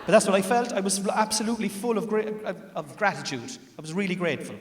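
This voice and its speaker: A man with an Irish accent telling a stand-up story on a theatre stage, moving from a confiding tone to loud punchlines. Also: sits high, lively intonation, fast talker. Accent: Irish, Cork. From Ireland. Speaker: stand-up comedian. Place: large theatre stage with audience. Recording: roomy theatre reverb with audience.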